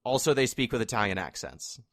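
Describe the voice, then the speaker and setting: A man's voice: medium pitch, animated, a little fast, a bit bright, no room sound, studio quality. A man co-hosting a casual podcast chat, explaining things at length with wry asides. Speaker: podcast co-host.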